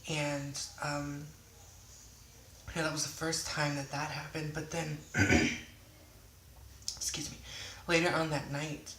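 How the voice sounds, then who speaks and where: A young adult in their twenties tells a storytime at home in a rambling, off-the-cuff way, slipping into swearing and catching themself. The voice is bright and sharp but stays flat in pitch. The room sounds echoey, with faint noise behind. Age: 20s. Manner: rambling, swears then apologizes. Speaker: vlogger. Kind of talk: casual storytime. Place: indoors at home.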